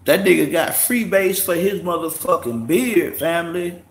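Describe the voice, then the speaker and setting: Speaking at a moderate pace in a fairly high voice, a man runs a casual livestream. He swears, mocks, and laughs frequently, and the echoey room has a little background noise.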